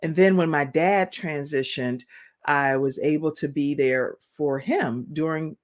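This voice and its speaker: A woman talk show host telling a personal story in an animated, expressive way. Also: deep voice, unhurried.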